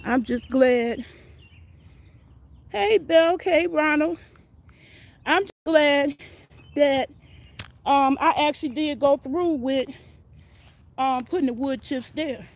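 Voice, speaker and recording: With a high voice, slow delivery, and long pauses, an older gardening vlogger leads a casual walking tour of her backyard on her phone. She's out of breath and chats in a folksy manner outdoors.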